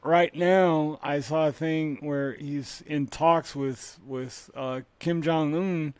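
A man's voice: fairly high pitch, fairly even intonation, takes it slowly, clean tone, no echo. Rambling, swearing podcast co-host man. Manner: rambling, with many restarts, fillers and swearing. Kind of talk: casual comedy chat.

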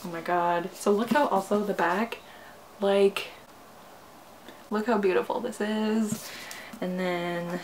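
A young woman films an excited book unboxing, giggling and gushing, with exclamations that sometimes sink to a hush. She talks at an unhurried pace. A faint hiss sits behind her voice. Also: mid-range voice. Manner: gushing, giggly, repeats "oh my god", drops to near-whispers. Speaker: booktuber.

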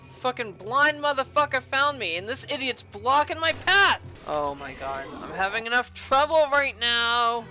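A woman's voice: a little high, sing-song, a little slow, pushed and bright, soft background music. A woman streaming a video game, swearing and bursting out at what happens on screen. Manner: profane, explosive outbursts. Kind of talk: gaming stream commentary.

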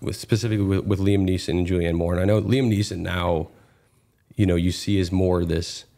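A man's voice: low voice, steady tone, fairly quick, warm tone. A man in his thirties, a guest actor, talking casually in an interview with many fillers and restarts.

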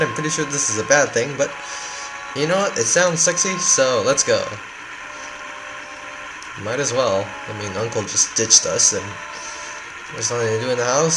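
A man giving casual, excitable, self-mocking commentary while he plays a video game. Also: medium pitch, noisy background. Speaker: let's play gamer. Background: game music.

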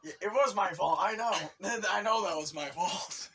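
A young man hosting a gaming video, commentating excitedly and teasing his opponent with frequent yelps and laughs. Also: sits high, moderate pace, few pauses, slight background noise. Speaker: gaming channel host.

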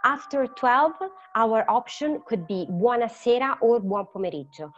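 A woman with an Italian accent, whose first language is Italian, teaching an online language class. She explains patiently, repeats words slowly and quizzes her students. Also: fairly high pitch, lively intonation, lo-fi sound, slight background noise. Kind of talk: online lesson.

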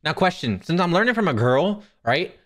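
A man's voice: fairly high pitch, sing-song, normal speed. A young man streaming casually, joking and swearing as he stumbles over new phrases. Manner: joking, profane, self-mocking. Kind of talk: casual livestream chat.

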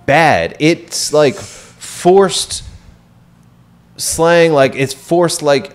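A man's voice: a little high, lively intonation, very slow. A man co-hosting a podcast, talking in a blunt, fired-up casual way and swearing freely. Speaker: podcast co-host. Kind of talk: casual chat.

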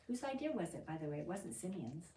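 A woman's voice: on the low side, fast, slight background noise. A woman leading a Bible study, reading scripture aloud and asking her group questions in a conversational way. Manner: reads scripture aloud with lively emphasis. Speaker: Bible teacher. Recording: echoey room, voice from a distance.

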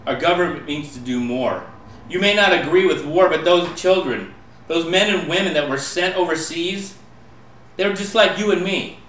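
A man's voice: fairly high pitch, moderate pace, distant mic, a little hiss or hum. Impassioned man reciting poetry, echoey room. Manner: impassioned, rising to pleading shouts. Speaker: poet. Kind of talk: spoken-word poetry recitation.

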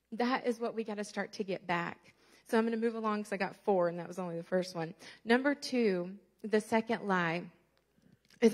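A woman in her thirties preaching a passionate sermon as a guest speaker, with emphatic bursts of intensity. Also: medium pitch.

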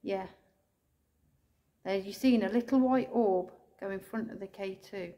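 An English woman ghost hunter calling out to spirits indoors, speaking slowly and tenderly, sometimes tearful, recorded on a handheld camera. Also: medium pitch. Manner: soft, pleading, slow and tender, calling out with endearments. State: tearful at times.

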